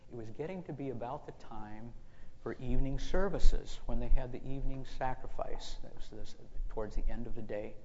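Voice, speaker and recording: A man's voice: medium pitch, brisk, a little mellow, big-room sound, muffled recording, slight background noise. A male pastor telling a story in a sermon, folksy and conversational.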